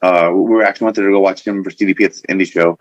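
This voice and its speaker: A man's voice: low voice, rapid-fire, no echo, highs cut off. A man, a guest on a podcast, telling rambling stories in a casual chat and acting out what others said. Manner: rambling, animated storyteller acting out quotes. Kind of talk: casual storytelling.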